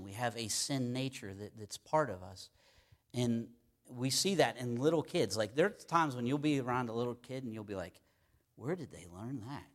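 A man preaching in a relaxed, talky way. He speaks at a middle pitch and stumbles through fillers and repeated words as he makes his points. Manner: conversational, folksy, with many fillers and repeated words. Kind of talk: sermon.

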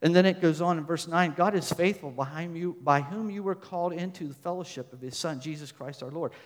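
A man's voice: a little high, a little fast. A male pastor preaching a sermon, reading verses aloud and pressing his points with emphatic repetition. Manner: emphatic, rising to loud stresses then dropping soft; repeats phrases, reads scripture verses aloud. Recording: long hall reverb.

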